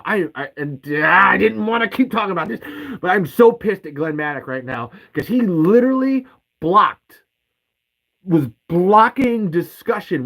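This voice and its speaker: A man with a high voice rants furiously as a podcast host. He swears constantly and repeats the same curses over and over. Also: a bit bright, rough recording. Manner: profane, heated, repeats curses. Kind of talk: angry ranting podcast monologue.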